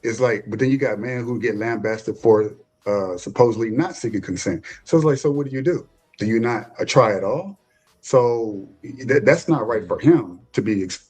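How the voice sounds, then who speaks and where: A man with a husky, mid-pitched voice talks through a point on a podcast. He restarts often, then his voice jumps up high in exasperation. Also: a little mellow. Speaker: podcast co-host. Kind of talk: casual debate.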